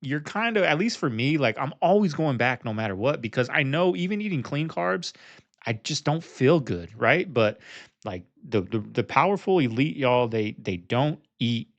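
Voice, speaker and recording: A man's voice: mid-range voice, lively intonation, normal speed, creaky, dull audio. Rambling man reacting to clips. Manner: rambling, many fillers and restarts. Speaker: reaction video host. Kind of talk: casual commentary.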